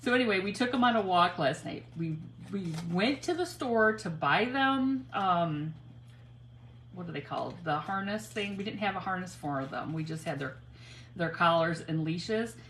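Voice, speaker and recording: A woman's voice: lowish voice, animated, normal speed, a bit bright, a little hiss or hum. A middle-aged woman hosting a casual crafting livestream, chatting in a rambling way and greeting viewers by name. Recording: roomy home recording with faint ambience.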